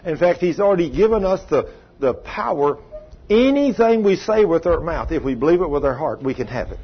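Folksy preacher with a husky voice. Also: male voice, a little high, big pitch swings, a little fast, lo-fi sound. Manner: folksy, emphatic, asks the congregation questions. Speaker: pastor. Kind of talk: sermon.

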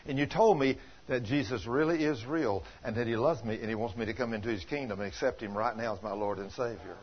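A man preaching a sermon in a folksy, animated way, retelling conversations as stories. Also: medium pitch, fast talker, hardly any pauses. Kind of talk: sermon storytelling. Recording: dull lo-fi recording.

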